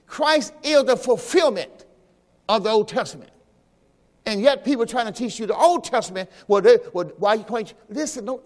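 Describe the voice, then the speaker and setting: High-pitched preacher guy teaching and quizzing the church, long echo off the sanctuary walls. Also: lively intonation, moderate pace. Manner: conversational preaching, quizzing the congregation. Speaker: pastor. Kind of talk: sermon teaching. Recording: long hall reverb.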